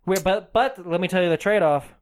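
A man in his twenties rambles through a comic story on a podcast. His voice sits a little high, and he slips into the people he quotes as he goes. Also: a little fast. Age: 20s. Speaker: podcast co-host. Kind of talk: casual comedic banter.

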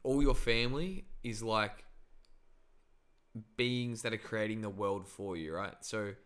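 Man, casual chat, animated, storyteller. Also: lowish voice, measured pace. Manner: animated storyteller, acts out voices.

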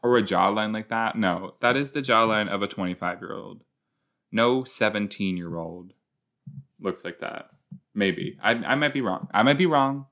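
A man's voice: lowish voice, normal speed, fairly bright tone. A young man giving casual, joking commentary while reacting to a TV episode, with rambling asides. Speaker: show reaction host.

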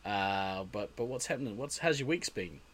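A man's voice: on the low side, expressive, moderate pace, a bit bright, slight background noise. A man hosting a casual podcast, chatty and laughing often as he greets the chat. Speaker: podcast host.

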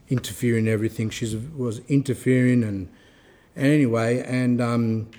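Male speaker for an informal religious talk; warm, mellow, mid-pitched storyteller who acts out the dialogue. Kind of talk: informal lecture with anecdotes.

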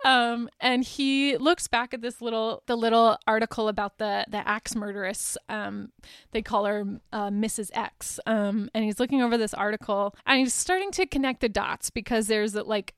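Chatty podcast woman with a smooth voice. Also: fairly high pitch, no room sound, clean studio sound. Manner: chatty, lots of ums and likes, laughs often. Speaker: podcast host. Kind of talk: casual film recap.

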